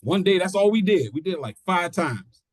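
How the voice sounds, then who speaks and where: A middle-aged man spins a story in a casual interview, slipping into the voices of the people he quotes. His voice sits fairly high for a man. The sound is dry and close, with no room around it. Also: a little fast, no echo. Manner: animated storyteller acting out quotes. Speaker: interview guest, pro wrestler. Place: studio.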